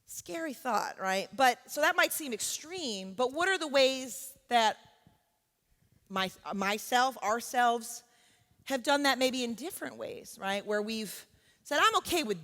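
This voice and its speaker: A woman's voice: a little high, lively intonation, takes it slowly, fairly bright tone. A woman who teaches college gives an earnest, conversational church talk and keeps checking in with her listeners. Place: church sanctuary. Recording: long church hall reverb.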